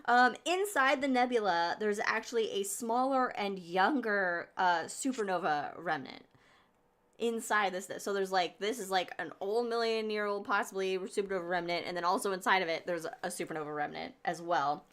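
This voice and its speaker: A woman in casual conversation, walking her co-hosts through deep sky objects. She rambles and restarts, with plenty of ums and likes. Her voice sits at an ordinary middle pitch. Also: moderate pace, a bit bright. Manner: rambling, chatty explaining with many fillers. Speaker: podcast co-host presenting sky events. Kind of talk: casual chat.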